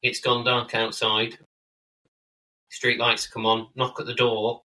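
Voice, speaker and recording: Bright-voiced jokey man, a little off-mic. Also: mid-range voice, completely flat delivery, slow, recorded from a distance, low-quality recording. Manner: jokey, playful, puts on silly voices. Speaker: wine podcast co-host. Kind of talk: casual banter.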